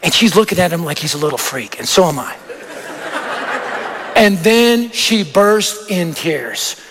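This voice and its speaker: A man preaching a sermon in a very high voice. He tells stories and drives his points home with short, punchy lists. The sound carries a long hall reverb. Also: takes it slowly, noisy background. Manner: animated, anecdotal, punchy lists. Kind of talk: sermon with storytelling. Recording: echoey hall.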